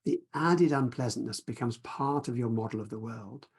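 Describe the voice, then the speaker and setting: A man teaching mindfulness on a video call, talking in a gentle, reflective way and guiding a short practice. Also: medium pitch, normal speed, slightly rough. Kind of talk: teaching talk with guided practice.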